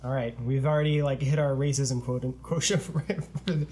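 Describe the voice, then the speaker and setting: A man hosting a podcast in casual chat, laughing often and talking in an easygoing, drawn-out way. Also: medium pitch, steady tone, darkish tone, a little hiss or hum. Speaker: podcast host.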